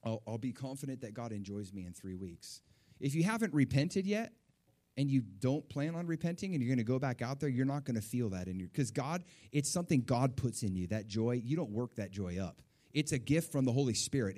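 A man preaching a sermon, telling a personal story with animated, excitable delivery that rises high when he relives moments of joy. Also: a little fast.

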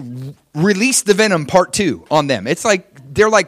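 Animated male preacher, dry sound. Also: high voice, moderate pace, no room sound. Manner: animated preaching, swings from loud emphatic to soft and hushed. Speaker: pastor. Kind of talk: sermon.

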